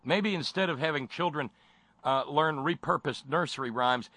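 A man's voice: fairly high pitch, moderate pace, bright, forceful tone, no room sound. A man hosting a talk show, delivering sarcastic, impassioned commentary with frequent stammered restarts.

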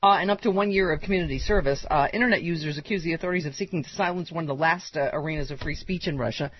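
A man's voice: on the high side, racing, slight background noise. A man co-hosting a talk radio show, chatty, reading news aloud with joking asides. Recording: dull lo-fi broadcast audio.

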